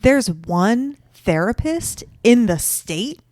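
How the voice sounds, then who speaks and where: A woman's voice: a little high, very animated, slow, darkish tone. A woman co-hosting a podcast in casual chat, giggly and eager when explaining a film technique. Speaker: podcast co-host.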